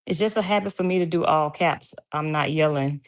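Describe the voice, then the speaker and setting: A woman with a low voice hosts a casual livestream from her home. She chats freely and reads viewers' comments aloud, laughing easily. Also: fairly quick. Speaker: livestream host.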